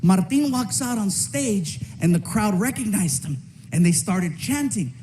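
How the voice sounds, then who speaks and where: A male stand-up comedian telling a story on stage in an animated way, breaking into shouts and character voices. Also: high voice, measured pace. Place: comedy stage before a live audience. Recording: stand-up recording with audience noise.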